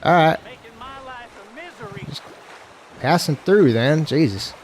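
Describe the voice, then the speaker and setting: A man's voice: fairly high pitch, lively intonation, slow pace. A man streaming a western game, chatting casually in loose, profane, self-mocking talk. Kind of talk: casual gameplay commentary.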